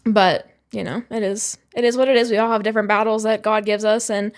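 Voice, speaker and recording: Young woman, podcast guest, mid-pitched, candid, rambling, casual chat. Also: steady tone, fairly quick. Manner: candid, rambling storyteller with many "um" and "like".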